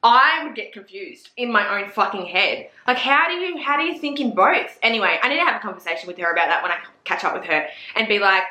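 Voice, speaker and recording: A young woman with a bright Australian accent chats about books in a loose, profane, gossipy way. Her voice sits a little high and rings in a roomy space. She throws herself into acting out her own reactions. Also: lively intonation, fast talker, hardly any pauses. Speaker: book reviewer. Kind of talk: casual book chat to camera.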